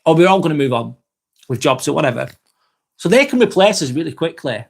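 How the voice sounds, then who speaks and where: A Lancashire-accented man from Northwest England chats on a relaxed live stream, answering comments from viewers. His voice is on the high side, very animated, brisk and creaky, and he swears freely and restarts sentences often.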